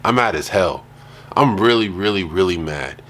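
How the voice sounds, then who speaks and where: A man's voice: deep voice, animated, normal speed, a bit bright, a little hiss or hum. A man hosting a reaction channel, giving exasperated, slangy commentary and hammering home his points.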